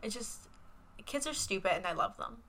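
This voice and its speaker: A woman's voice: medium pitch, animated, normal speed, pushed and bright. A young woman co-hosting a casual movie podcast, rambling with lots of fillers and gushing about what she loved. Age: young adult. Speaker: podcast co-host.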